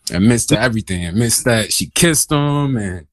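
A man's voice: mid-range voice, animated, moderate pace, no room sound. A young man casually telling a personal story on a podcast, meandering and laid-back with many fillers. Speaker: guest telling his story.

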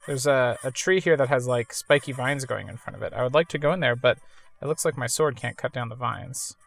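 A woman's voice: very deep voice, fairly quick, creaky, faint music behind. A woman casually commenting while playing a video game, chatty and self-amused. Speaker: let's-play gamer.

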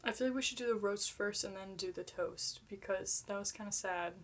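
A woman's voice: medium pitch, a little fast. A young woman in her twenties co-hosting a podcast, easygoing and playful. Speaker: podcast co-host. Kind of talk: casual podcast chat.

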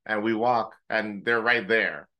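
A man co-hosting a podcast, telling a story in casual chat, animated, swearing freely and mimicking friends in high joking voices. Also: a little slow. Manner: swears casually, uses gamer slang. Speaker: podcast co-host.

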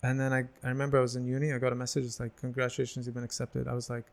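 Young man, quick delivery, animated storyteller, mimics quoted voices, laughs a lot. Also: mid-range voice, creaky. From United Arab Emirates. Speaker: guest. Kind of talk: casual storytelling chat.

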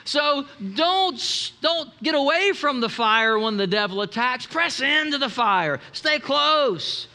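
High bright-voiced man preaching. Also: measured pace, few pauses. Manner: animated preaching with asides and acted quotes. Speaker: pastor. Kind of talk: sermon.

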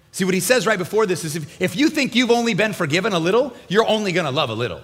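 A male pastor preaching a sermon, animated and emphatic, swinging from hushed lines to loud bursts. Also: high voice, fast, few pauses. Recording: long hall reverb with faint music.

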